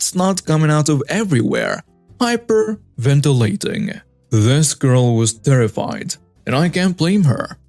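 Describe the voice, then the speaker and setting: Male narrator, slightly high voice, wry storytelling, faint music bed. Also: darkish tone, dry recording. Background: faint background music.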